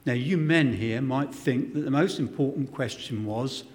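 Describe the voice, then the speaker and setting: A man's voice: medium pitch, moderate pace, darkish tone. A man preaching a sermon, dramatic and emphatic, acting out quotes, with self-deprecating humour. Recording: long hall reverb.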